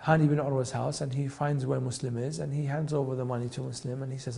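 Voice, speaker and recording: A man's voice: mid-range voice, flat delivery, quick pace, creaky, dark tone. A man narrating a historical story in a conversational way.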